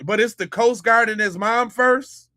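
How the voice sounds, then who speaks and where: High, bright-voiced sarcastic male commentator. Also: a little slow. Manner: mocking, incredulous, slangy. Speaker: podcast host, commentator.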